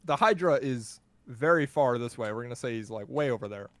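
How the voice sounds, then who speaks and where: A man narrating as game master for a tabletop game, talking in a laid-back way with lots of ums and quick laughs. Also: medium pitch, expressive, fairly bright tone, slight background noise.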